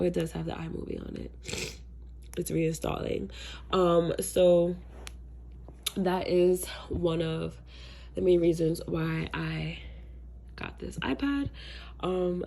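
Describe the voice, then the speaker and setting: A woman's voice: lowish voice, slow pace, vocal fry, long pauses, warm tone, breathy edge. A woman with a stuffy, congested voice chatting through a casual unboxing vlog, laid-back, with frequent ums and slang. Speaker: tech vlogger.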